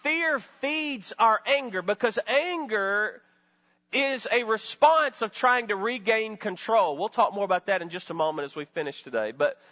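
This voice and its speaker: High-voiced pastor guy preaching, asks the church stuff, sharp bright tone. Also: highs cut off. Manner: preachy, rhetorical questions, call-and-response with congregation. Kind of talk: sermon.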